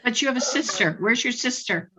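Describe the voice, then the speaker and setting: A woman's voice: on the high side, animated, brisk, highs cut off, a crowd in the background. A woman spiritual healer leading a live online session, insisting and repeating her points emphatically.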